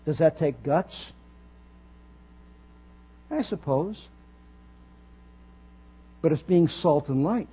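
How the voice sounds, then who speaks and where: High-voiced man preaching a sermon. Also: lively intonation, very slow, pauses often, dark tone, breathy edge. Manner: earnest preaching with rising emphatic phrases. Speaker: pastor. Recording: dull lo-fi recording with faint mains hum.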